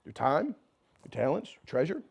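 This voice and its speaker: Emphatic American pastor preaching a sermon. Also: male voice, on the high side, wildly swooping pitch, normal speed, vocal fry, husky. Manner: emphatic, swings from shouting to quiet and intimate; joking asides with the congregation. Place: church sanctuary before a congregation.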